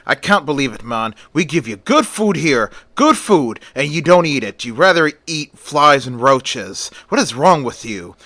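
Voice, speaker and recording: A harried male asylum orderly, put on by a man telling the story. He talks in quick, exasperated bursts, with a bright, forceful voice and a dry sound. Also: on the high side, big pitch swings, dry recording, heavily acted.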